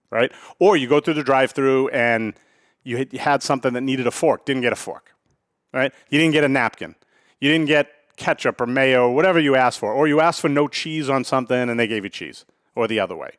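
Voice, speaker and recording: A man's voice: medium pitch, no echo, studio quality. A middle-aged man hosting a podcast, telling stories in a casual business-talk style and often tagging lines with "right?". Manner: chatty, storytelling, frequent "right?" asides. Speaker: podcast host.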